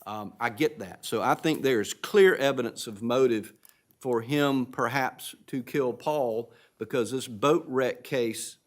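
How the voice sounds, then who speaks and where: A man questions a lawyer from the bench as a justice. He starts and restarts his thoughts, searching for the words, at a middle pitch. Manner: halting, searching, many restarts. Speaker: appellate justice.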